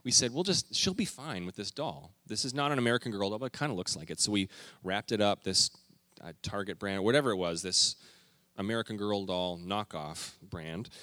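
A middle-aged man preaching a sermon, telling family stories with animated delivery and acted-out quotes. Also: fairly low pitch, no room sound. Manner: storytelling, animated, acting out quotes. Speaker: pastor.

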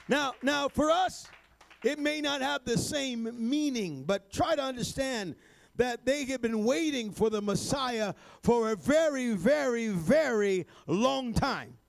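A man preaching a sermon, building to shouted, rhythmic refrains and sprinkling his lines with "amen" and "uh". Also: very high voice, animated, normal speed, gravelly.

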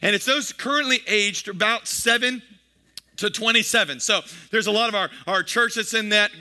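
A man's voice: high voice, moderate pace, bright, forceful tone. A man in his thirties, a pastor preaching a playful, joking sermon to his congregation, with many repeated words and asides. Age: 30s.

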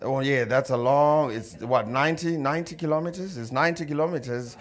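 A man's voice: medium pitch, fairly quick. A man preaching a sermon in a mid-range voice. He tells stories and slips into the voices of the people in them, shifting his delivery as he goes. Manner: storytelling, acts out dialogue and crowd voices. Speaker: pastor.

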